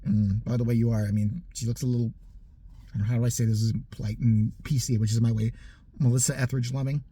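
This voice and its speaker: A man's voice: medium pitch, flat delivery, quick pace, mellow, breathy edge. A man in his forties delivering a profane, mocking comedic rant in a heated way. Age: 40s. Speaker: comedic ranter.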